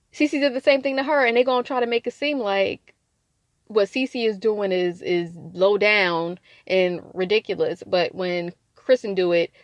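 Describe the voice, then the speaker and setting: A woman hosting a casual podcast that recaps a reality show, blunt and profane, animated, laughing in bursts. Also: on the high side, dry recording.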